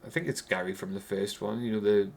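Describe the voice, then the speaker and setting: A man's voice: fairly low pitch, steady tone, fast, vocal fry. Sweary Geordie man rambling. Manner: swears constantly, rambling with restarts. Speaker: film reviewer. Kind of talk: casual rambling film review.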